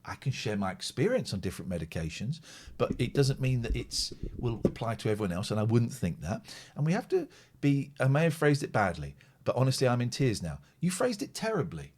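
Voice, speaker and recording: A man's voice: mid-range voice, big pitch swings, fairly quick, a little mellow. A man hosts a live call-in stream, chatting loosely and reading out viewer comments. His voice rises and falls a lot as he talks. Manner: rambling, chatty, reads viewer comments aloud. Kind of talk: casual live-stream chat.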